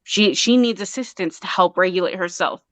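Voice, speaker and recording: A woman's voice: on the low side, moderate pace, a bit bright, no echo. A woman from Colorado, a guest on an interview show, talking earnestly and passionately with many restarts. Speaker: guest artist and mother. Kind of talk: casual interview talk.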